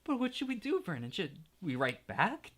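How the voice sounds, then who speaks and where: A man voicing a frightened, fretful aunt with a quivering, shrill voice in a storybook reading. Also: wildly swooping pitch, moderate pace, fairly bright tone, heavily acted. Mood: panicked. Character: high-strung frightened aunt, shrill woman.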